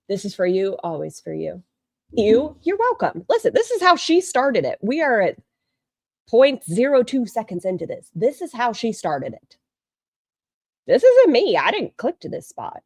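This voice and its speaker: With a medium-pitched, somewhat dark-toned voice, a woman hosts a relaxed livestream, gossiping bluntly and reading out comments from viewers. The audio is clean studio sound without room sound.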